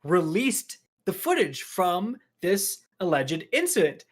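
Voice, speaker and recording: A man's voice: high voice, slow pace. A man co-hosting a gaming podcast, telling stories animatedly and acting out quotes. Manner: animated storytelling, acts out quotes. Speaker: podcast co-host. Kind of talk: casual gaming podcast chat.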